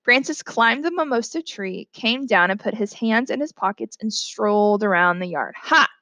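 A woman reading a novel aloud in a plain, steady storytelling manner. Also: medium pitch, normal speed, dry recording. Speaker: reader.

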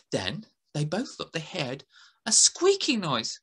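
A woman's voice: deep voice, huge pitch swings, takes it slowly, pushed and bright, husky. A woman telling a playful story to children at a school assembly, adding sound effects.

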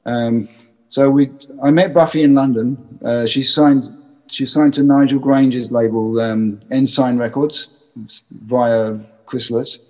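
Guy with a kinda husky voice telling old studio stories in an interview, does little voices for people. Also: medium pitch, unhurried, muffled recording. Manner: animated anecdotes, acts out quoted voices. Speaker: music producer, guest. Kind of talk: casual interview storytelling.

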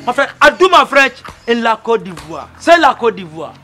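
A man playing a bluffing, touchy fake French teacher who shouts his lessons at a class. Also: very high voice, big pitch swings, normal speed, faint music behind, heavily acted. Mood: indignant. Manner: shouting lessons, then indignant and tearful. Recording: noisy recording.

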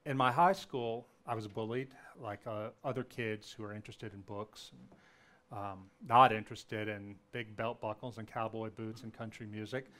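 A middle-aged man from Louisiana giving a storytelling lecture, anecdotal and animated when quoting others, with frequent ums and restarts. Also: lowish voice, moderate pace. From Louisiana, US South.

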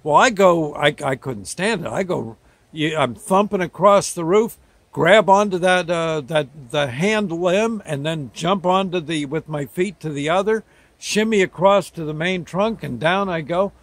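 A man from New Jersey with a somewhat high-pitched voice recalls an old memory in loose, casual storytelling. His talk is folksy and rambling, with plain homespun words. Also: measured pace, no room sound. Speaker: host telling a childhood memory.

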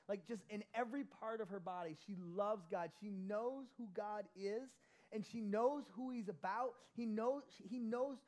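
Guy pastor with a pretty high voice preaching in church, gets loud then drops real soft. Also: rough recording. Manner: animated, swinging between loud emphasis and soft intimate passages. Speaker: lead pastor. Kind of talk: sermon.

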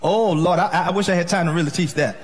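A male pastor preaching an exuberant sermon, shouting and laughing with speech. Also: high-pitched, fast. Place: church sanctuary.

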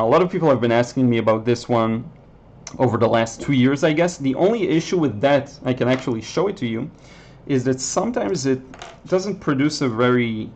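Painting on a livestream, a man who speaks Hebrew chats loosely with viewers and fields their questions, often pausing with ums. He's a watercolor artist, and his voice is medium-pitched and a little mellow.

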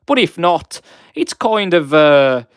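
A young man from the West Midlands with a Black Country accent, hosting a live stream and chatting warmly with viewers, greeting them by name. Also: a little high, sing-song, slow pace, smooth, no room sound, clean studio sound. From West Midlands, England.

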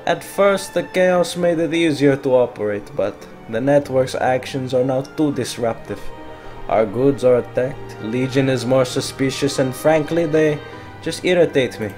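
A man's voice: mid-range voice, unhurried, a little mellow, soft background music, close to an everyday voice. A man voicing a polite, scheming male crime boss in an overdone put-on Italian accent while reading game dialogue aloud. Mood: suave.

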